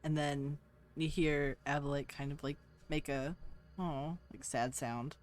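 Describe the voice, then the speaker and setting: A woman's voice: sits low, steady tone, a little slow. Rambling woman game master. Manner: loose and rambling, full of likes and uhs. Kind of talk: tabletop game narration.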